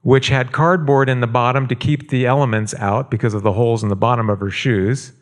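In a steady, mid-range voice, a middle-aged pastor works through a story as part of his sermon. He takes his time, pressing hard on words and echoing phrases for weight.

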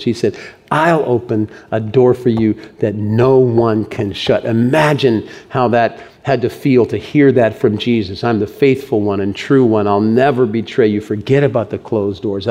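A man preaching a sermon, animated, swinging between raised emphasis and hushed delivery. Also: medium pitch, normal speed. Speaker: pastor.

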